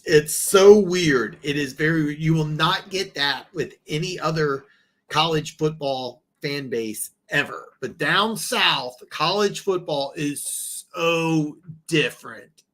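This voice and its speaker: Fronting a laid-back football talk show, this man from the American South speaks a little high with a fairly bright tone. His delivery wanders, full of restarts and repeated words.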